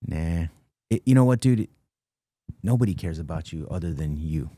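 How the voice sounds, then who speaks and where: Low mellow fifty-something guy, earnest podcast guest, dry close sound. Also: lively intonation, a little fast, no room sound. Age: 50s. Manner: earnest, philosophical, says "dude" and "listen" often. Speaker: guest musician. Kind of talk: casual podcast interview. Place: podcast studio.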